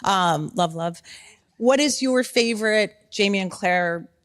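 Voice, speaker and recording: A woman's voice: medium pitch, a little slow. A woman moderating a panel, asking questions in an upbeat, teasing way with frequent giggles.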